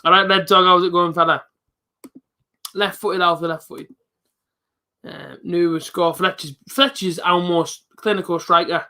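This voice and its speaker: A young man hosting a live football reaction stream, chatting casually with viewers and breaking into excited shouts at big moments. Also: sits high, measured pace, long pauses. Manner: chatty, jumps to excited shouting at goals, reads out viewer comments.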